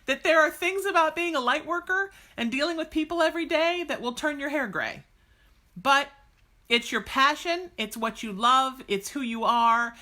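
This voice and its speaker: A woman with a fairly high, bright, forceful voice hosts a psychic podcast, chatting bluntly and casually with viewers on a live stream. She gushes with enthusiasm, cheering them on and breaking into cheers and snippets of song.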